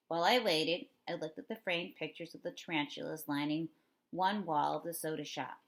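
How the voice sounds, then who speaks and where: A woman reads a children's novel aloud with a slightly low voice. She tells the story expressively and gives it a lively read-aloud feel. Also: fairly quick, rough recording. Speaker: reader.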